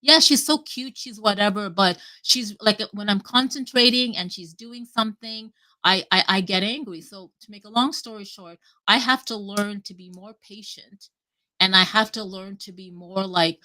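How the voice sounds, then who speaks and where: On a live audio chat, this guest speaker, a woman with a mid-range voice, rambles on at an unhurried pace. Her talk is casual and animated, full of self-interruptions and free swearing.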